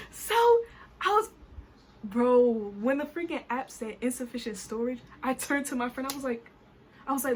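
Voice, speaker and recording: A woman from New Jersey telling a story time vlog in an animated, colloquial way, full of "I was like". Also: high voice, moderate pace, slight background noise. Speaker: vlogger.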